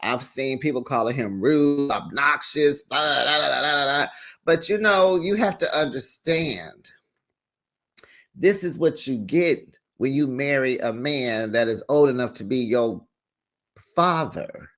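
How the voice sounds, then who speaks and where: A man hosting a casual recap of a reality show, sassy and animated, acting out quotes and laughing between remarks. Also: slow pace. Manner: sassy, animated, acts out quotes with sharp pitch jumps. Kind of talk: casual chatty recap commentary.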